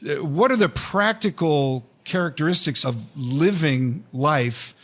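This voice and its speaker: A man's voice: a little high, a little slow, fairly bright tone. A man hosting an interview, reflecting on and summing up his guest's points before he asks the next question. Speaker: host. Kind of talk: interview conversation.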